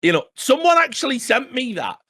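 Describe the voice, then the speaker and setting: A man's voice: extremely high pitch, very animated, brisk, pushed and bright, dry recording, clean studio sound. A man co-hosting a casual podcast, reading news stories aloud and breaking in with chatty asides. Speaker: podcast co-host.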